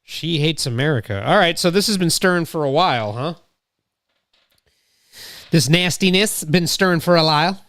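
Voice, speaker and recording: A Connecticut man hosting his own live stream, wandering from thought to thought as he reacts to clips. His voice is smooth and resonant, close on a mic with a dead-dry sound. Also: a little high, expressive, moderate pace, long pauses, fairly bright tone, no echo. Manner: rambling, thinking aloud. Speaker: streamer host. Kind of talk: casual live-stream commentary. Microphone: close studio mic through mixer.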